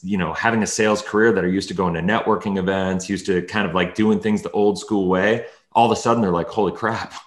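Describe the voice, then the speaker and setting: A man's voice: sits low, fairly even intonation, quick pace, few pauses, echoey room. A man hosting a casual interview, talking in a rambling way with many restarts. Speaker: podcast host.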